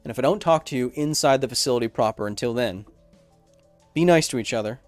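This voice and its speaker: A man in his thirties hosting a science livestream Q&A, chatting casually in an animated, joking, rambling way. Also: medium pitch, fast, no echo, faint music behind.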